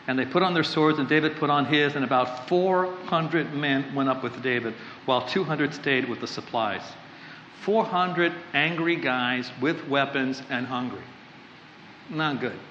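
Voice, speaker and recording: A male pastor preaches to a live audience in a rambling, conversational way, often restarting his sentences. His voice sits a little high and rings bright and forceful. The sound is slightly dull and echoes with a long reverb, with faint room ambience behind it. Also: animated, normal speed, a little hiss or hum. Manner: conversational, rambling, self-interrupting. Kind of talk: sermon with joking asides.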